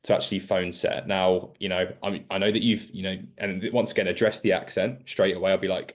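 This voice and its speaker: Deep-voiced frank man coaching. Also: little pitch movement, fairly quick, hardly any pauses. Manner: frank, direct, talks in long run-on explanations. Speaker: sales coach. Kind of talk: coaching call advice.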